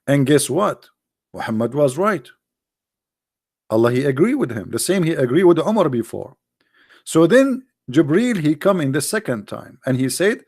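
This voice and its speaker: High-voiced sarcastic man. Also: sing-song, normal speed, darkish tone. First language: Arabic. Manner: sarcastic, emphatic rhetorical questions. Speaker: religious critic. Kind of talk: polemical monologue.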